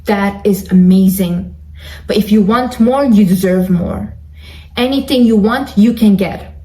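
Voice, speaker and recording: A woman's voice: medium pitch, a little slow, dark tone, reverberant, rough recording. Emphatic woman giving a motivational talk. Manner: direct, emphatic, repeats for stress. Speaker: online self-help creator. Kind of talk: motivational monologue to camera.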